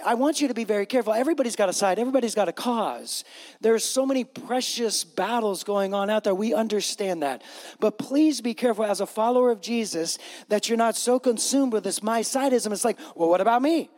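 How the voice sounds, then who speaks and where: A man's voice: very high voice, long reverb tail. A man preaching as a pastor, retelling a gospel story earnestly and repeating key phrases to his congregation.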